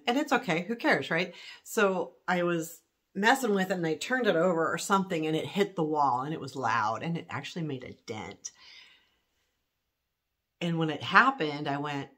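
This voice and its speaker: A woman's voice: on the low side, fairly bright tone. A woman telling a personal story to camera in a candid, chatty way, with frequent fillers and restarts and an easy laugh. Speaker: vlogger.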